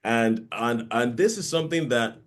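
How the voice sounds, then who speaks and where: A man's voice: medium pitch, expressive, normal speed. Rambling chatty male podcast host. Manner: chatty, rambling with frequent restarts. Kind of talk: casual chat.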